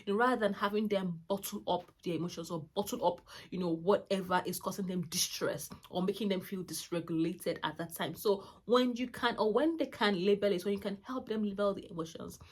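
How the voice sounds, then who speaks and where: With a medium-pitched, slightly rough voice, a woman of about forty hosts her own channel as a mother offering parenting advice to camera. Her casual talk is warm-hearted and chatty, rambling along with many fillers and restarts.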